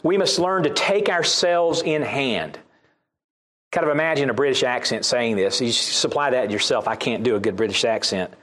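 A man's voice: medium pitch, moderate pace, fairly bright tone. A man with a Southern US accent preaching a sermon, reading scripture aloud and repeating key lines for emphasis.

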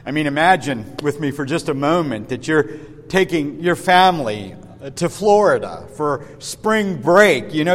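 A male pastor preaches in a lively storytelling manner, speaking straight to his congregation. His voice is high for a man and moves a lot in pitch, and a long reverb hangs in the church around him. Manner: storytelling, lively, addresses listeners directly. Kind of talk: sermon.

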